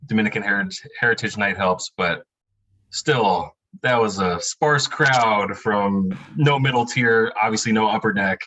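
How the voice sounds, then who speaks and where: A man guest on a sports podcast, talking in a relaxed, wry way with lots of fillers. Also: lowish voice, unhurried, poor audio. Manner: laid-back, wry, rambling with many fillers. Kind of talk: casual podcast chat.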